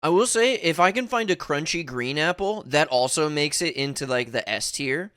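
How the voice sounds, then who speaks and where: A man co-hosting a podcast in casual chat, emphatic and profane, with quick, blunt opinions. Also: a little high, animated, a bit bright, clean tone, dry recording, clean studio sound. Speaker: podcast co-host.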